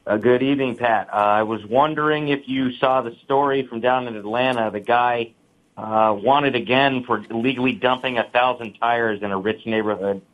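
A man's voice: medium pitch, steady tone, moderate pace. A man calling in to a talk show, speaking steadily in a matter-of-fact way. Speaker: caller. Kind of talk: call-in chat. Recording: tinny phone line.

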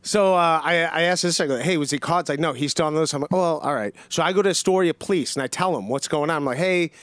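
A man with a somewhat high voice, telling a story in a casual chat. He rambles, stalls on fillers and restarts his sentences. The sound is dry, with no room around it. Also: quick pace, fairly bright tone, no echo. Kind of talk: casual storytelling on a comedy podcast.

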